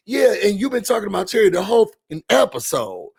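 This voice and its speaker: A man hosting a reality TV recap, ranting in an animated, sassy, blunt way. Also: sits high, quick pace, creaky, husky.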